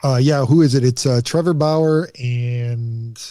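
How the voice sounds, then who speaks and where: A man's voice: medium pitch, unhurried, mellow, dry recording. A man co-hosting a podcast, chatting casually and thinking aloud as he checks facts with the others. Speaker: podcast co-host. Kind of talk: casual sports chat.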